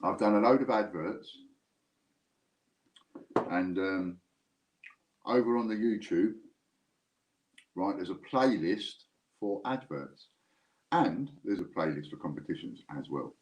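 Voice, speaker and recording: A man's voice: low-pitched, expressive, slow pace, pauses often, dull audio. A man hosting a live stream, chatting casually and jokingly straight to his viewers. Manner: rambling, jokey, talks straight to viewers.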